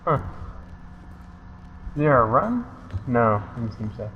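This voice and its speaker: A man's voice: medium pitch, big pitch swings, slow pace, dull audio, a little hiss or hum. A man casually reacting while playing a video game, muttering and swearing at what he sees. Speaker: let's play gamer. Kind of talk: casual gameplay commentary.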